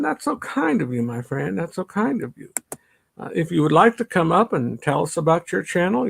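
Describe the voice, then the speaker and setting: Middle-aged man, gravelly husky voice, chatty livestream host, allergy-stuffy. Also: fairly high pitch. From northern suburbs of Chicago. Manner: chatty, laughs often, greets viewers by name. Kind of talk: casual live-stream chat reading comments.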